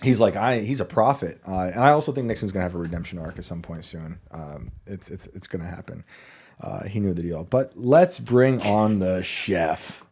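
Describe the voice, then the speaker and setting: A man hosting a podcast, chatting casually and laughing as he fires off quick follow-up questions. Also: deep voice, darkish tone, breathy edge. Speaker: podcast host. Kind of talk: casual interview chat.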